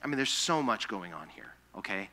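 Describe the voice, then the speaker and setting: A man preaching a sermon, telling scripture stories in an animated way, acting out the people he quotes, and dropping soft and slow when he reads the verses. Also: fairly low pitch. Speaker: pastor. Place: church sanctuary.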